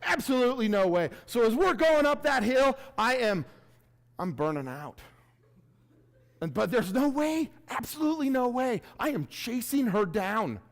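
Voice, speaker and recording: A male keynote speaker with a high, very lively voice swings wildly up and down as he tells a self-mocking story. He acts out his own reactions as he goes. The sound carries a long reverb, as if from a big hall. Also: measured pace. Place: large event room before an audience.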